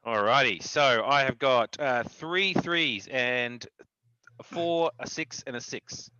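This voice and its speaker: A man's voice: mid-range voice, slow, pushed and bright, clean tone, no echo, highs cut off. A man playing a tabletop game, stating his character's actions plainly and decisively. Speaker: player. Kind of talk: casual tabletop play.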